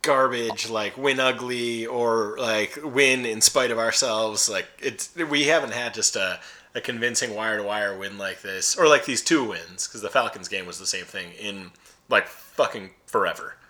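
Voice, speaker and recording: A man's voice: on the low side, moderate pace, pushed and bright. A man co-hosting a sports podcast, rambling loosely in profane, casual fan talk. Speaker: podcast co-host.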